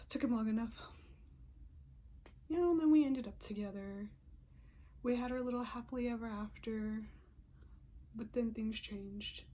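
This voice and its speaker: A woman's voice: a little high, mellow. A woman in her twenties telling a personal story to her viewers in a casual, emotional way, often dropping into whispered asides and sighs. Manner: frequent sighs and breathy pauses.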